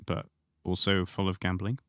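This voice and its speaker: A man's voice: sits low, completely flat delivery, a bit bright, dry recording, clean studio sound. A man on a band's livestream, asking curious questions in casual banter. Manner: quick, curious, asks chat questions. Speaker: band member on a livestream.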